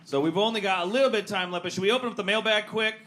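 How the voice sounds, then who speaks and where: A man co-hosting a podcast live on stage, trading quick banter and running the listener-mail segment. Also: high-pitched, crowd noise, background noise. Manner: quick, lively banter with dry asides. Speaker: podcast co-host.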